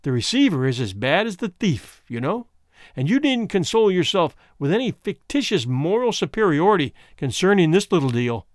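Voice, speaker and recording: Reading a story, a man voices a calm, scheming husband who is smooth, mocking and mercenary, soothing and ironic at once. His slightly high pitch moves a lot at a moderate pace, and the close, dry, storybook-style sound has no room echo.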